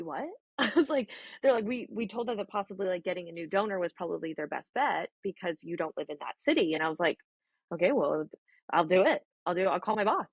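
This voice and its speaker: A woman in her thirties, a guest on a podcast, telling her story in an animated, chatty way with frequent laughs and quoted dialogue. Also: on the low side, breathy edge, no room sound. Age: 30s. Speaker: guest, egg donor. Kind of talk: casual storytelling in a podcast interview.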